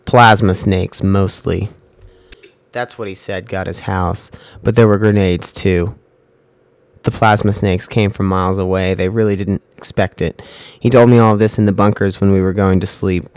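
A man's voice: deep voice, fairly even intonation, normal speed, darkish tone, clear, resonant tone, dry recording. A man in a spoken-word role-play monologue as a drifting male musician telling war-torn sci-fi tales, rambling and dreamy, on a home computer mic.

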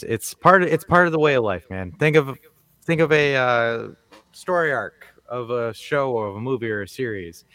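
A man with a fairly low voice co-hosts a casual podcast, joking around and rambling with plenty of "you know" and "man". He sounds dry and close on the mic. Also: fairly bright tone, smooth, no echo. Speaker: podcast co-host.

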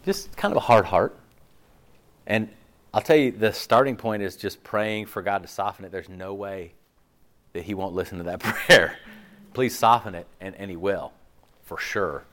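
Animated conversational male pastor. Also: on the low side, normal speed. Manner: conversational, animated, acts out imagined listeners' reactions; frequent "okay?" and "like" fillers. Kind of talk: sermon.

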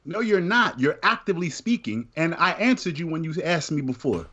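A man's voice: on the high side, lively intonation, brisk, pushed and bright, muffled recording, a little hiss or hum. A man co-hosting a casual podcast chat, teasing his friends with mock offense. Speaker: podcast co-host.

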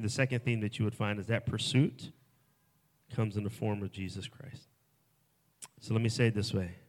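A man preaching a sermon at a festival, swinging from hushed, soft lines to loud, emphatic ones. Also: mid-range voice. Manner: dynamic, swings from hushed to shouting. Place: festival stage before a crowd.

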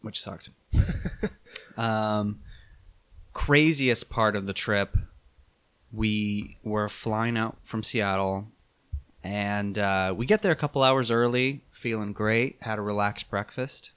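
A young man telling a travel story in a casual chat, animated and laughing, with many fillers. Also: fairly low pitch, slow, clean tone.

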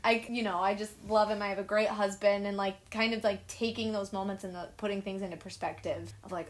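A woman's voice: mid-range voice, steady tone, a little fast, few pauses. A young woman talking on a video call from home, earnest and emotional, often laughing at herself. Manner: emotional, earnest, self-deprecating. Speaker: guest, writer and director. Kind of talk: casual video-call chat.

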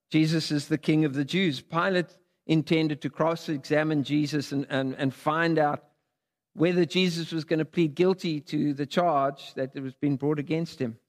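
A male preacher with a fairly high voice delivers a sermon, and his voice carries a long reverb from a large sanctuary. He reads scripture dramatically, rising high and dropping low in his voice. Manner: dramatic scripture reading with big pitch swings. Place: church sanctuary.

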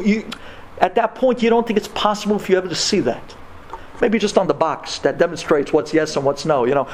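Man, impassioned storyteller, stammering restarts, fairly high voice, live audience talk. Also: darkish tone, slight background noise. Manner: sprinkles religious Hebrew and Yiddish terms. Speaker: speaker telling a personal story to an audience. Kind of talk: emotional personal storytelling talk.

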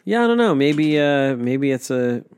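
A man's voice: medium pitch, very animated, moderate pace, a little mellow, a little hiss or hum. A young man co-hosting a podcast, chatting casually and bluntly, swearing often and cutting in. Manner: blunt, swears often, talks over the other speaker. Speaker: podcast co-host. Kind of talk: casual chat.

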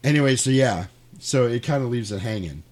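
Animated man retelling a film. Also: mid-range voice, brisk. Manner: animated retelling with sound effects and acted quotes. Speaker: podcast host. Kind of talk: casual movie recap chat. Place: home studio.

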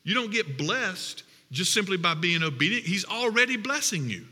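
A man's voice: high voice, big pitch swings, moderate pace, bright, forceful tone, husky, in a large hall. A man preaching a sermon as pastor, repeating phrases for emphasis.

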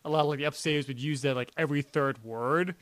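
A man's voice: on the high side, fast, a bit bright. Rambling young man on a podcast. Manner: rambling, many restarts and "like" fillers. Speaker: podcast co-host. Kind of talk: casual chat.

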